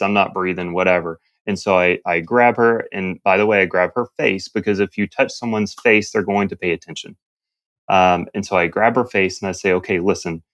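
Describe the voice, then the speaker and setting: A man who is a neurologist and a podcast guest, calmly explaining and telling stories. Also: low voice, dry recording. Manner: calm, explanatory storytelling. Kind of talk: interview, explaining.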